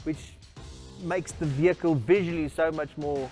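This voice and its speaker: A man's voice: a little high, fairly even intonation, moderate pace, warm tone, faint music behind. A man presenting a new van's features in a formal, salesy way, often addressing the others by name. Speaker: vehicle product presenter. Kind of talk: scripted product walkaround.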